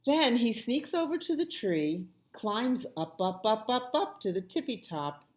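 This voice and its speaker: Slow sing-song librarian woman. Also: a little high, very animated. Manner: slow, sing-song, with soft asides to the children. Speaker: children's librarian. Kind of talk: reading a picture book aloud to children.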